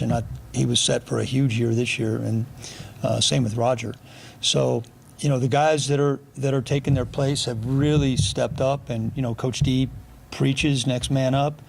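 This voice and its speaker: A man's voice: mid-range voice, gravelly, slight background noise. A middle-aged man, a football coach, answering reporters' questions at a press conference in a blunt, dry way. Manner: blunt, dry, with sarcastic humor. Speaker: football offensive coordinator.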